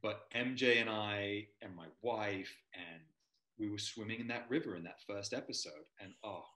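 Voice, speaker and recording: Rambling storyteller man, bright, echoey room. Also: fairly low pitch, moderate pace. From Montana and London. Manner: rambling anecdotes, acts out quoted voices. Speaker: actor guest. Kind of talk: casual storytelling interview.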